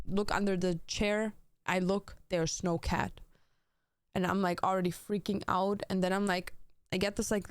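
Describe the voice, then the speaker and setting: A young woman streaming from home, chatting to her viewers and telling a story in a loose, animated way, full of "like" and casual swearing. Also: mid-range voice, smooth, dry recording.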